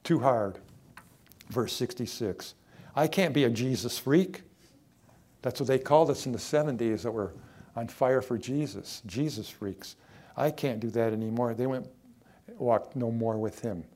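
An older man preaching a sermon as pastor, in a plain conversational way. He gets louder to stress key points and asks the congregation direct questions. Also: mid-range voice, a little slow. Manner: emphatic, rising in volume to stress points.

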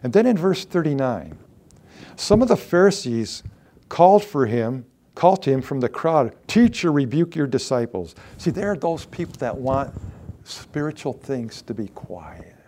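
A pastor preaching a sermon, his voice rising loud and dropping to near-whispers as he reads scripture and talks to the congregation. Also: on the high side, normal speed, slight background noise. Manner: lively, rises loud then drops to near-whispers.

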